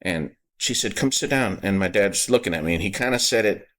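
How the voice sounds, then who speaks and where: Deep-voiced man, choked up, halting. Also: fairly bright tone. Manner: halting, repeats words, emotional. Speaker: podcast host. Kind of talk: casual personal storytelling.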